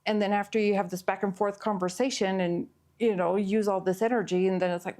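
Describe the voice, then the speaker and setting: A middle-aged woman therapist giving an earnest, explanatory talk on parenting, with pauses and fillers. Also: mid-range voice, little pitch movement, darkish tone. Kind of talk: educational talk to camera.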